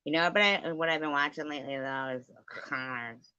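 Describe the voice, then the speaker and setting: A woman's voice: sits low, a little fast, pushed and bright, clear, resonant tone, dry recording. A woman hosting a casual livestream, rambling and sarcastic in a gossipy, profane rant. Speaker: livestream host. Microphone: livestream setup. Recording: dull lo-fi sound.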